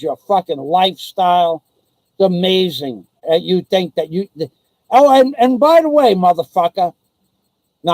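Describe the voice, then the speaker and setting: A man's voice: high voice, a little mellow, dry recording, poor audio. A man ranting angrily and profanely on his own live stream, taunting and threatening someone. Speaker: vlogger. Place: living in the Philippines.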